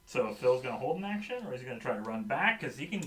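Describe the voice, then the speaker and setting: A man runs a tabletop game as game master and laughs easily as he narrates. His voice is bright. He sits some way back from the microphone. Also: mid-range voice, very animated, fast, far from the mic, a little hiss or hum. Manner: laughs often.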